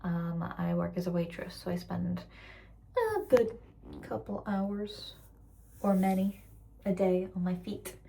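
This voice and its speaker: A young woman of about twenty with a mixed British-American accent, tired after work, rambling candidly in a casual vlog rant and slipping into soft whispers. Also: fairly low pitch, monotone, a little slow, gravelly, a little hiss or hum. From raised internationally, living in Britain. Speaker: waitress vlogger.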